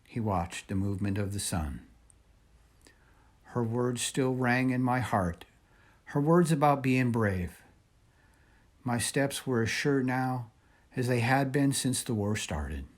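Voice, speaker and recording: A man with a medium-pitched voice reads a children's storybook aloud, measured and expressive.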